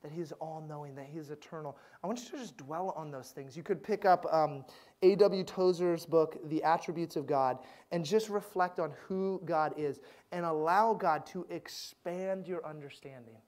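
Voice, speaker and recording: A male pastor giving a sermon, swinging between loud emphatic lines and hushed, gentle ones. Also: fairly high pitch, moderate pace.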